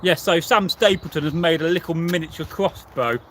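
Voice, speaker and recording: A man's voice: a little high, normal speed, fairly bright tone, a little hiss or hum. A man, a history channel host answering viewers in a rambling, casual live chat full of fillers. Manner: rambling and chatty, with many fillers and restarts.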